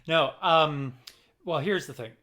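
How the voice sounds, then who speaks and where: A man's voice: on the high side, bright, forceful tone. A middle-aged man from Minnesota with a Minnesotan accent, co-hosting a casual chat podcast and rambling with lots of fillers and restarts. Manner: rambling, halting with many fillers. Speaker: podcast co-host.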